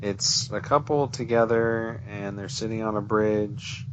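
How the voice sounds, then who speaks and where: Young dude cohost, low-ish voice, dry wry comments, muffled mic with a bit of hiss. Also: male voice, fairly even intonation, measured pace. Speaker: podcast co-host. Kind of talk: casual chat. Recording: muffled recording with faint background noise.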